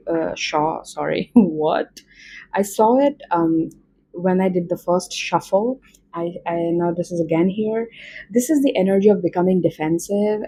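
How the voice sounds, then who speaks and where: A woman's voice: on the low side, dark tone, rough recording. A woman with an Indian accent doing a casual tarot reading, chatty and rambling with many fillers. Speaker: tarot reader.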